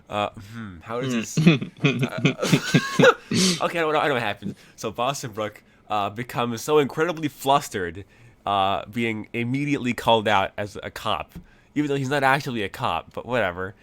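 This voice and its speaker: A man's voice: mid-range voice, lively intonation, normal speed, a bit bright. A man narrating as game master of a tabletop game, rambling with frequent fillers and restarts.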